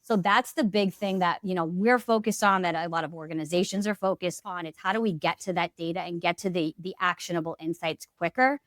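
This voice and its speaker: A woman's voice: lowish voice, steady tone, brisk, few pauses, a bit bright, no echo, studio quality. A woman speaking as a guest expert in a podcast interview, upbeat and fluent, laughing easily.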